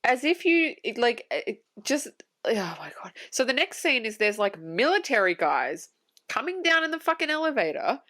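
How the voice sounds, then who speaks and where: A woman's voice: on the high side, sing-song, moderate pace, fairly bright tone. A woman co-hosting a podcast, rambling incredulously about a film's plot holes in casual talk. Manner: incredulous, rambling, laughs often. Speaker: podcast co-host. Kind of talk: casual film review chat.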